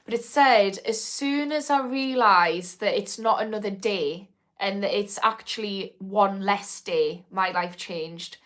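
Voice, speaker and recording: She speaks at a slow pace in a medium-pitched, fairly bright voice. A woman from Newcastle, in northern England, she works as an addiction therapist and is hosting an informal live-stream Q&A, going through viewer comments. She's frank, swears, and fills her speech with ums.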